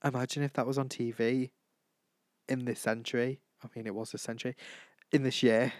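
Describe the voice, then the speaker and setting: A man's voice: medium pitch, little pitch movement, a little fast, darkish tone, dry recording, clean studio sound. Giggly guy chatting solo. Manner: chatty, giggly, keeps saying sorry. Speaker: podcast host. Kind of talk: casual solo chat. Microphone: home microphone.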